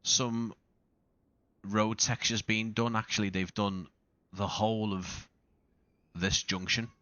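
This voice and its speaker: A man's voice: fairly low pitch, fairly even intonation, slow, pushed and bright, no echo. A man streaming a flight simulator and chatting casually as he tours airports, rambling and correcting himself as he goes. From not Australian. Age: adult father. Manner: rambling, self-correcting, with frequent restarts and fillers. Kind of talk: casual live-stream commentary.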